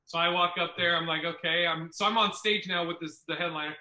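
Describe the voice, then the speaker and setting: A man hosting a podcast, telling a comedy club story in a casual, profane, animated way. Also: on the high side, fast, hardly any pauses, reverberant, low-quality recording.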